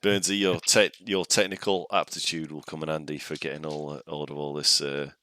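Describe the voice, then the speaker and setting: A man's voice: a bass voice, flat delivery, fairly quick, pushed and bright, no room sound, clean studio sound. Man playing a curt commissar. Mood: commanding. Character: stern male commissar giving orders.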